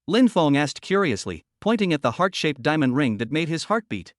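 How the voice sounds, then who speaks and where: A man's voice: a little high, sing-song, normal speed, dry recording. Man narrating a novel, dry and close.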